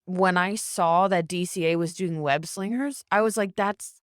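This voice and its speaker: Enthusiastic young woman with a low voice. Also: moderate pace, no room sound, studio quality. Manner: enthusiastic, talkative. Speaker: podcast co-host. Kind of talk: casual chat.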